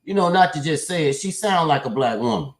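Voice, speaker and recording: A man hosting a casual livestream panel, talking in an animated, skeptical way and swearing freely. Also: on the high side, fairly quick. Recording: roomy, echoey recording.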